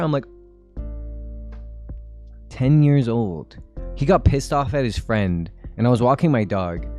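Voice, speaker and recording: A man in his twenties rambles through casual chat on his stream, laughing often. His voice sits in a mid range. Faint music plays quietly behind him. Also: medium pitch. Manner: rambling and chatty, with frequent laughs.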